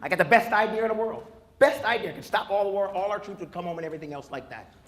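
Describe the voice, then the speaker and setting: A man's voice: sits high, fast talker. A man doing a stand-up comedy set with crowd work, brash and punchy, on a club stage with a handheld mic. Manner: brash, loud, punchy, chatting with the audience. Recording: live club recording with crowd laughter and noise. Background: audience laughter and room noise.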